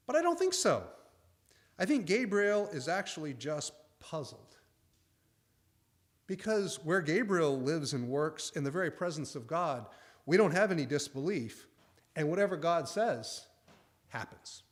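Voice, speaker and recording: A man's voice: fairly high pitch, very animated, normal speed. A man preaching a conversational sermon in a folksy way, acting out the angel's and priest's lines.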